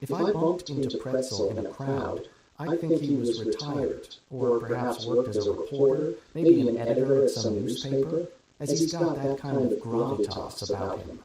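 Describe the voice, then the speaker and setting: A man narrating a first-person story at a steady, even storytelling pace. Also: medium pitch, normal speed. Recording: very echoey room with crowd noise.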